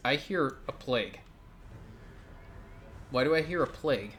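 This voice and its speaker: A man hosting a gaming channel, giving casual, blunt let's-play commentary with occasional quick bursts of speech. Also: mid-range voice, expressive, fairly bright tone.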